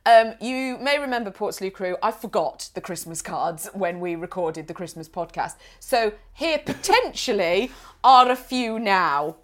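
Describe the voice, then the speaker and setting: A woman's voice: medium pitch, expressive, unhurried, a bit bright. A woman co-hosting a podcast, chatting casually and reading out listener mail, giggly, gushing and full of exclamations. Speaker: podcast co-host.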